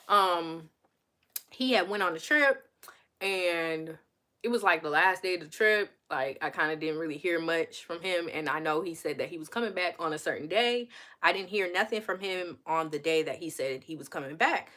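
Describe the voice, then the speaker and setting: A young woman telling a personal story in a casual, confessional way, laughing often and jumping into high, exclaiming voices when she quotes herself. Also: a little slow. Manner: animated, laughs often, says girl and honey, jumps into high exclaiming quotes. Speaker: vlogger and podcast host.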